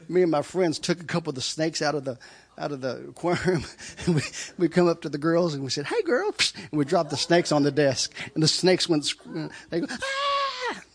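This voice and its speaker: A man's voice: a little high, steady tone, fairly quick, breathy edge. A middle-aged man telling his testimony in a loose, rambling story. He laughs often and stumbles over repeated words. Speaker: speaker giving a testimony.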